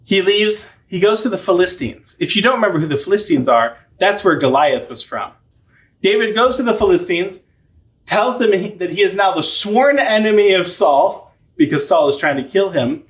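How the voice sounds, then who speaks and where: A man teaching a catechism class, retelling a story in a chatty, informal, animated way. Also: high voice, normal speed. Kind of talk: casual storytelling lesson.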